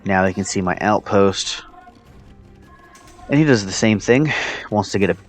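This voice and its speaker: Low-voiced man talking through his game. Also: normal speed, soft background music. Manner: relaxed, thinking aloud with fillers. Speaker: player commentating his own match. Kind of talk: casual gameplay commentary.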